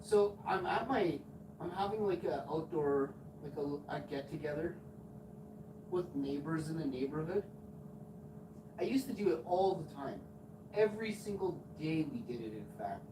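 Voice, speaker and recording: Man in his forties, crude rambling storyteller, lively swooping voice, echoey room, noise behind. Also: a little high, moderate pace. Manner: crude, rambling, swears often. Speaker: live streamer. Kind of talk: casual storytelling on a live stream. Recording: echoey room, far from mic, noisy.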